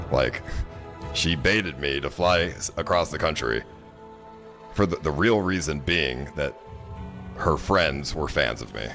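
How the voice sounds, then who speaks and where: A man's voice: very deep voice, animated, slow pace, pauses often, pushed and bright, soft background music. A man telling a personal story in a casual, rambling way, frustrated and full of filler words.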